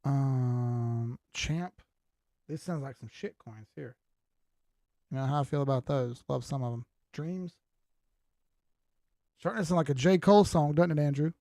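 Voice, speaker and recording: A man's voice: medium pitch, a little slow, long pauses, dark tone, dry recording, clean studio sound. An older man hosting a crypto livestream, talking loosely and with profanity while reading out viewer comments. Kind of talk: casual livestream chat.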